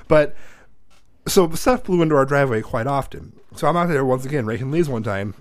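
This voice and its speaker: A man in his thirties tells a story in a casual chat, animated and profane, acting out the voices of the people involved. His pitch is fairly high, his pace quick, and there is no echo.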